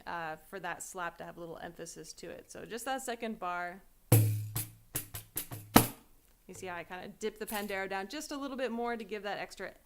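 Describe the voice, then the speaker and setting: A woman teaching a pandeiro lesson in a relaxed, encouraging way, speaking drum syllables and counting in. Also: medium pitch, very noisy. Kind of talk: instructional music lesson. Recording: loud hand-drum music in background. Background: pandeiro playing.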